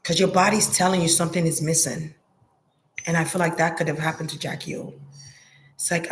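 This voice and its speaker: A woman's voice: low-pitched, fairly even intonation, fairly quick, long pauses, a little hiss or hum. A woman giving a psychic reading in a hesitant, murmuring way, repeating words and trailing off. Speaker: psychic reader. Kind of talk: intuitive reading monologue.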